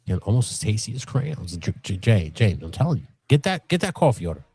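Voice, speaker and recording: A husky-voiced middle-aged man talks quickly while co-hosting a live stream from his home workshop, chatting casually and swearing. He rambles with lots of animation, laughs often, and puts on high voices when telling stories, all in a dry room with faint music.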